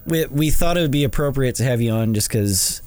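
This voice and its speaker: A man's voice: medium pitch, animated, a little fast, a little mellow, a little hiss or hum. Hesitant man chatting casually. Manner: hesitant, many restarts and fillers. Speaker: podcast co-host. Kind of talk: casual chat.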